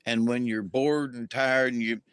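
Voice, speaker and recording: A man's voice: medium pitch, steady tone, unhurried, a bit bright, clear, resonant tone, no room sound. A middle-aged man, telling a rambling, folksy story as a livestream host and greeting viewers along the way. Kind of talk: casual storytelling to a live chat.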